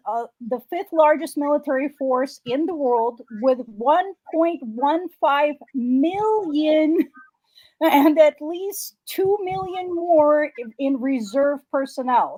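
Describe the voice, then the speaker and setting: A woman's voice: high voice, a little mellow, no room sound. A woman co-hosting a political talk show, laughing often and reciting figures matter-of-factly. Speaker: co-host guest. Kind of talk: casual political commentary.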